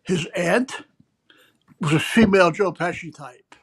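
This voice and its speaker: Older male guest, sixties, high-ish voice, rambling anecdotal style. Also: measured pace, slightly rough. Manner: rambling anecdotes, keeps checking in with "right?". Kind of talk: casual conversational interview.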